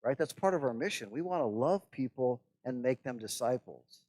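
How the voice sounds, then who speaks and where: A man's voice: medium pitch, expressive, normal speed, a little mellow. A man, a pastor, lecturing a class on church administration in a conversational way, often checking in with "right?" and adding wry asides.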